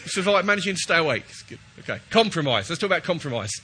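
A man's voice: fairly high pitch, sing-song, racing, sharp tone, a little hiss or hum. A man preaching a chatty, jokey sermon while he has a cold, often checking in with his listeners.

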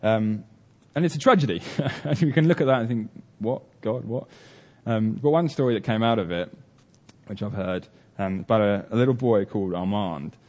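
A man's voice: lowish voice, brisk, a little mellow. A man preaching a sermon, telling a story earnestly with many fillers and restarts.

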